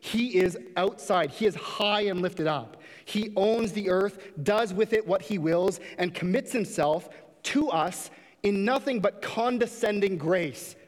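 A man's voice: sits high, a little slow, big-room sound. A man preaching a sermon in a church, impassioned, sometimes putting on mocking voices to make a point. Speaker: pastor.

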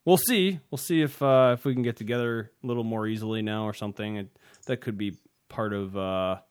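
A man's voice: lowish voice, a little fast, smooth. Rambling man hosting a tech podcast. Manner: rambling, hesitant, chuckles often. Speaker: podcast co-host. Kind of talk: casual tech chat.

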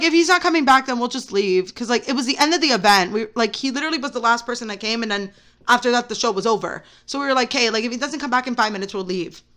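Young female podcast host, high bright voice, rambling and excitable storyteller. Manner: rambling, excitable, heavy use of "like". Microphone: camera mic.

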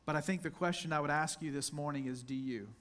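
Male pastor, higher-pitched, intimate earnest sermon delivery. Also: fairly bright tone, slight background noise. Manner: earnest, intimate preaching, drawn-out emphasis on scripture; addresses the congregation directly as "church".

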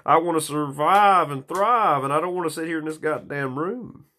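A man in a small room at home talking into a phone, rambling and swearing in a slightly hoarse stream of consciousness. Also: fairly high pitch, moderate pace, sharp tone. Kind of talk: rambling casual monologue.

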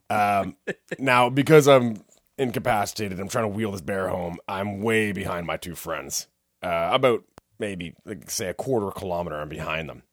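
A man's voice: low-pitched, moderate pace, no room sound, clean studio sound. A man on a casual podcast, telling a story and acting out the people in it. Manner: animated storyteller who acts out the people in his tale. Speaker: podcast co-host.

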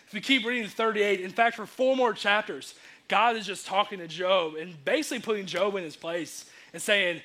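Bright-voiced young man preaching casually. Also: high-pitched, normal speed. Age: young adult. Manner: casual, energetic, acts out quotes. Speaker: youth preacher. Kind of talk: sermon.

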